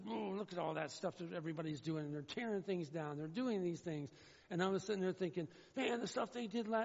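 A high-pitched man with a gravelly edge delivers an earnest sermon, driving points home by repeating them. His voice carries through a church hall with a long echo. The sound is muffled and dull. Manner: earnest, repetitive, emphatic preaching. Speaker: pastor. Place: church sanctuary.

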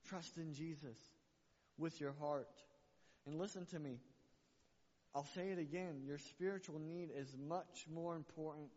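A man's voice: a little high, unhurried, darkish tone. Male preacher, fervent sermon, repeats lines for emphasis, dull lo-fi sound, long church reverb. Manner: passionate, repeats phrases for emphasis. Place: church sanctuary. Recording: muffled recording with long hall reverb.

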